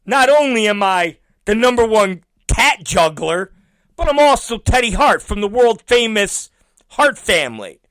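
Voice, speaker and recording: A man doing an impression of a cocky male wrestler, boasting and indignant, in a raised, lively voice. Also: sits high, measured pace, smooth, no echo, voice pushed up, heavily acted, poor audio. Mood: boastful.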